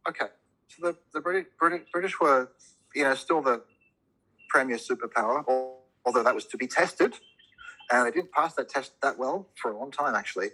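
Bright, husky-voiced opinionated man. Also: mid-range voice, expressive, a little fast, faint music behind, low-quality recording. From immigrant to a Commonwealth country. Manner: opinionated, rambling, profane, frequent restarts. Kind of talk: casual podcast chat.

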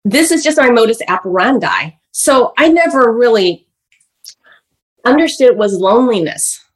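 Animated, slightly high-voiced woman in her 50s. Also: moderate pace. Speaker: podcast guest. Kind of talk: candid personal storytelling.

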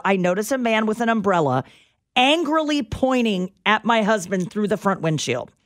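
A woman co-hosts a radio talk show, recounting an anecdote with dramatic flair. Her pitch swoops widely as she builds the story. The sound is close and dry, with no room around it. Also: dry recording. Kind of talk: casual chat storytelling.

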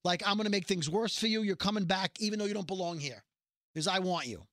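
A man's voice: sits high, quick pace, a bit bright, dry recording, studio quality. A man co-hosting a casual chat, recapping a story at length and acting out the characters' lines as he goes. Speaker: podcast co-host recapping a TV episode.

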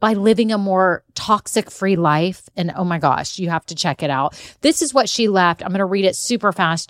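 A woman's voice: mid-range voice, animated, moderate pace, few pauses, dry recording, clean studio sound. A woman hosting her own podcast as a business coach, talking in an upbeat, encouraging, chatty way. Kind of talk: solo podcast talk.

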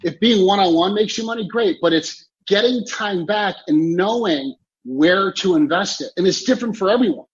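A man's voice: high voice, moderate pace, lo-fi sound. A man giving a motivational interview as a time coach, talking emphatically and repeating key phrases. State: clearing throat, choked up.

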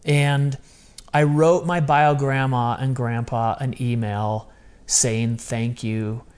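A man's voice: medium pitch, slow, clear, resonant tone. A man in his fifties telling a personal story in a casual, earnest way, often acting out what he said. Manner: earnest, animated, quoting himself.

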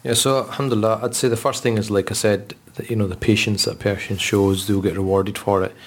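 A religious scholar speaks earnestly in a podcast conversation, telling stories and restarting often. His voice is on the low side with little pitch movement, and he talks fast.

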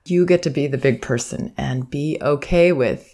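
Gentle woman with a gravelly edge. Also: sits low, moderate pace. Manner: gentle, reflective, acts out soothing phrases to a child. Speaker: parenting educator and podcast host. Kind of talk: spoken advice monologue.

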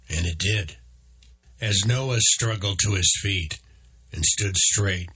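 Slow, deep, husky male storyteller. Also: fairly bright tone. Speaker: narrator. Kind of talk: storybook narration.

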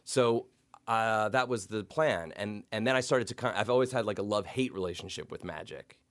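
A man's voice: lowish voice, brisk. A young adult man, a magician and comedian, telling stories in a casual interview, playful and rambling with many fillers.

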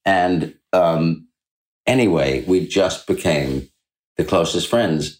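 A man's voice: takes it slowly, rough recording. A middle-aged man, a guest on an interview, telling a story in a chatty way and acting out the quoted voices. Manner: animated anecdote-telling, acting out quoted dialogue with big jumps in pitch. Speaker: author and guest.

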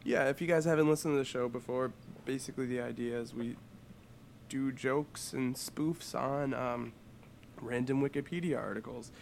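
Gravelly-voiced man, joking podcast co-host. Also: mid-range voice, normal speed, slight background noise. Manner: jokey, rambling, with many fillers. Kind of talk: casual comedic podcast chat.

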